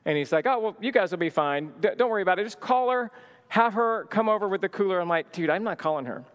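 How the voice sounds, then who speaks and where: A man's voice: high voice, animated, fast talker, fairly bright tone, big-room sound. A man in his thirties telling a personal story at a marriage teaching session, acting out the dialogue with lots of energy. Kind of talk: storytelling talk.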